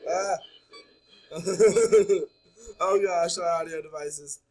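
A man's voice: high-pitched, slow, darkish tone, soft background music, poor audio. A man playing a horror game, chattering nonstop and jumpy as he talks his audience through it. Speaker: gaming YouTuber. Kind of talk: horror game let's play commentary.

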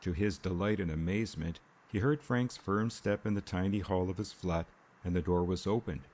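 Brief: male audiobook narrator, low-pitched and husky, steady measured reading. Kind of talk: scripted narration.

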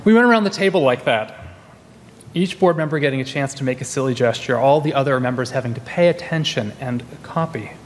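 A man's voice: medium pitch, animated, brisk, a little hiss or hum. A man in his forties preaching a sermon as a minister, telling stories in a conversational way with restarts. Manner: conversational storytelling with many restarts. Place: church sanctuary. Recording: long reverb in a large hall.

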